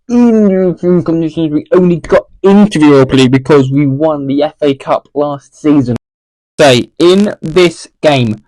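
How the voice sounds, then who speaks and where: A man's voice: on the high side, darkish tone. Rambling man giving casual football predictions. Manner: rambling, self-correcting, repeats himself. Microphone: mic for home recording.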